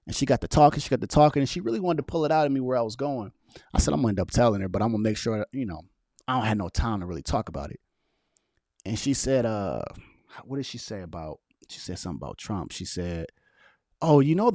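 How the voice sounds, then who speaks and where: A young man speaking casually on a livestream, arguing back at viewers' chat comments in an animated, argumentative way. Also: mid-range voice, dry recording, studio quality. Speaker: political vlogger reading live chat.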